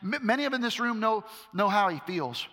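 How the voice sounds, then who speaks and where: Bright high-voiced middle-aged male pastor. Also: expressive, fairly quick. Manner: conversational, emphatic preaching with repetitions. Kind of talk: sermon. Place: large hall with a live audience. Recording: echoey hall reverb.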